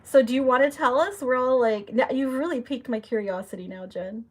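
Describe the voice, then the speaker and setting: Her voice on the high side and fairly quick, this young adult livestream host keeps things casual and chatty. She reads out comments from viewers and reacts in an animated way.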